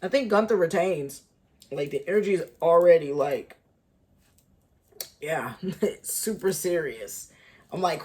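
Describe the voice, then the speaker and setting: Woman tarot reader, casual vlog delivery, chatty and meandering, unhurried pace. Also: fairly low pitch, expressive, darkish tone, husky. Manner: chatty, thinking aloud, many fillers.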